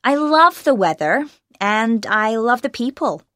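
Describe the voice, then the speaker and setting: A woman's voice: a little high, sing-song, a little slow, fairly bright tone, no room sound, clean studio sound. A young American woman from Los Angeles, an actress answering interview questions in a bubbly way and laughing often. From Los Angeles, USA.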